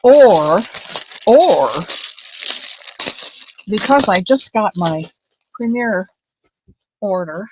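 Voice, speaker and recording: A woman's voice: medium pitch, expressive, extremely slow, long pauses, darkish tone, husky, no echo, highs cut off. A woman hosting a casual crochet livestream, chatting to viewers by name and drifting off onto side stories. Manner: chatty, addresses viewers by name, wanders off-topic. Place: home craft room.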